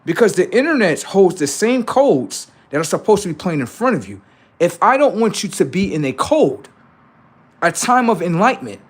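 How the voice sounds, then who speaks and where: A man's voice: sits high, breathy edge. A man on a live stream, chatting casually and swearing, then lecturing his viewers insistently about number codes.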